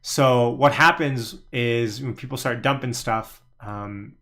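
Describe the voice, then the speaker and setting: A man's voice: medium pitch, takes it slowly, sharp tone. A man hosting a live trading stream, chatting casually through market commentary and answering viewers as he thinks aloud. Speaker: livestream stock trading host.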